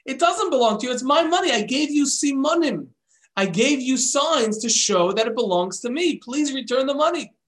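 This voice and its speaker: A woman's voice: sits high, lively intonation, normal speed, voice pushed up. A man voicing a distraught woman who urgently pleads for her lost money. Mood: pleading.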